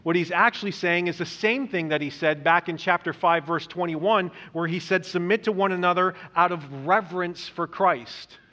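A man preaching a sermon as pastor, earnest, stumbling over repeated words and slowing down to stress quoted lines. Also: sits high, pushed and bright. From Indonesia. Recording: dull lo-fi recording in a reverberant hall.

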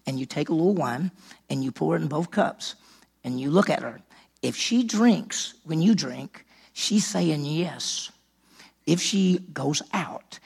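A man's voice: fairly high pitch, gravelly, darkish tone, slightly rough. A man preaching a sermon as senior pastor, telling it in a folksy way and acting out the quotes. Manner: folksy storytelling, acts out quotes.

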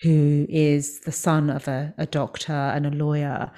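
Woman, very low voice, podcast host, reflective, thinking out loud. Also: level tone, a little slow. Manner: reflective, thinks aloud, frequent "mm" and "yeah". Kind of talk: conversational interview.

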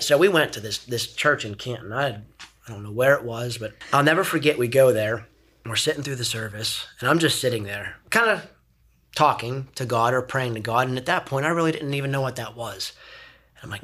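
Middle-aged male guest, earnest and animated, casual storytelling, mid-range voice. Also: mid-range voice, a little fast. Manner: earnest, animated, repeats words when starting sentences. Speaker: podcast guest.

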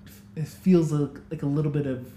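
A man's voice: fairly high pitch, fairly even intonation, brisk, dark tone, slight background noise. Chatty American man in an echoey room. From United States. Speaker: host. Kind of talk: casual conversation. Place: upstairs kitchen of a hostel.

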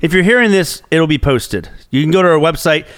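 A man's voice: on the high side, animated, brisk, dry recording, clean studio sound. A man co-hosting a podcast in casual banter, blunt and profane, teasing his partner. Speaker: podcast co-host.

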